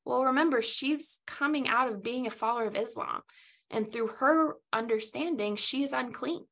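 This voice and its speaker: A woman's voice: on the high side, moderate pace, gravelly. A woman hosting a podcast, telling a personal story in casual chat and acting out the dialogue she quotes. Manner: animated, acts out quoted dialogue. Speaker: podcast host.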